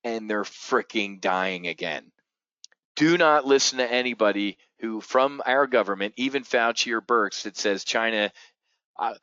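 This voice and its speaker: A man hosting a live trading show, talking bluntly and profanely in a loud-and-quiet rant to his viewers. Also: medium pitch, measured pace, smooth, dry recording. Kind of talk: live-streamed market commentary. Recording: dull lo-fi stream audio.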